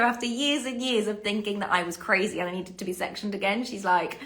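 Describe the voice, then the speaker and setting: A British woman in her thirties, a spiritual coach telling her own story to camera in a lively, casual way with frequent swearing. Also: medium pitch, gravelly. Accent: British English. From United Kingdom. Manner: animated, swears freely, quick asides.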